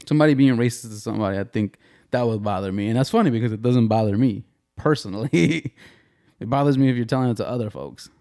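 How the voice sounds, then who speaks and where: A man hosting a casual podcast chat, animated and profane, laughing often and mimicking his friends in a high voice. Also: quick pace. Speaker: podcast host.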